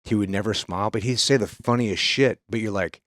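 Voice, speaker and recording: A man's voice: fairly low pitch, a little fast, a bit bright, no room sound, studio quality. A man co-hosting a podcast, telling stories in a laid-back, profane way. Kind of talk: casual storytelling.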